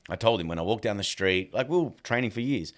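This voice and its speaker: His voice is lowish and his pace quick. He's a dog trainer and podcast guest, chatting casually as an animated storyteller who acts out quoted dialogue.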